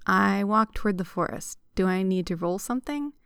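A woman reading a calm, measured man. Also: mid-range voice, vocal fry, smooth, dry recording, clean studio sound.

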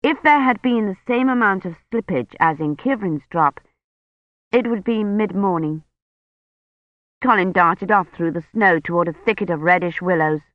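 An audiobook narrator reading a novel in a measured, even scripted narration. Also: mid-range voice, no room sound, muffled recording.

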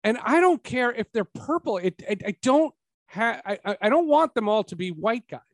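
A man hosting a podcast, chatting casually about a film and rising to emphatic, animated points. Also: very high voice, normal speed, no room sound. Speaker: podcast host. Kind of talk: casual film review chat.

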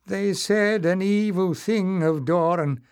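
A man putting on a slow, indignant old goblin woman. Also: sits high, darkish tone, smooth, pitched above the performer's own voice. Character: old woman goblin elder, proud and fierce.

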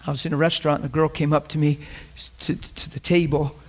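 Storytelling male preacher, slightly high voice. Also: little pitch movement, fast talker. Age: middle-aged. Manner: storytelling, acts out dialogue. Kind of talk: sermon.

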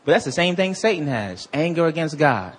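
A male pastor preaching a sermon in an animated, conversational way, full of slang and quick restarts. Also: on the high side, breathy edge.

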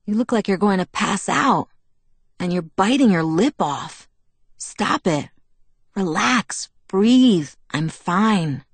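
Woman doing a teasing teen boy, curious and soft-spoken, storybook voice, dry close sound. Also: mid-range voice, animated, slow, breathy edge, no room sound, heavily acted. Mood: calming.

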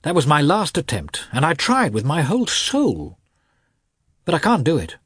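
An earnest younger brother, read by a man, guilty and quick to alarm. The voice is husky and swings in pitch, recorded close and dry. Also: no room sound. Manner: guilty, excitable.

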